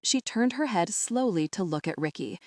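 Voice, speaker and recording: In studio-quality, dry audio, a female audiobook narrator reads a novel from script. Her medium-pitched voice stays steady and even, moving at a moderate pace.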